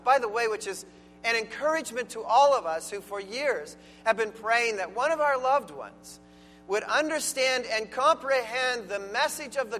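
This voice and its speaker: A man's voice: extremely high pitch, bright, forceful tone, a little hiss or hum. A man preaching a sermon as pastor, earnest and emphatic, stressing key words. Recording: long hall reverb with faint music.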